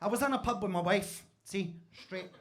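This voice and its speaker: Brief: Scottish stand-up, male, high-pitched, lively mock-pompous storyteller, club stage mic. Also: moderate pace, noisy background. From Scotland. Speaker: stand-up comedian. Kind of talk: stand-up comedy set. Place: basement comedy club stage.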